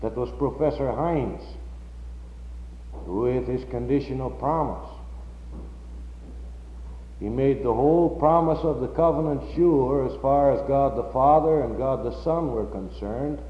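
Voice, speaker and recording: Slow, emphatic preaching man. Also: echoey room, long reverb tail, highs cut off. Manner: slow, emphatic preaching that rises to loud, high-pitched peaks. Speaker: pastor. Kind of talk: sermon.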